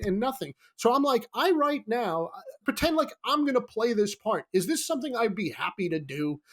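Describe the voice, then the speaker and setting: A middle-aged man, a screenwriter guest, telling a comic anecdote in a lively, animated way. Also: extremely high pitch. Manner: lively, comic storytelling with acted-out quotes.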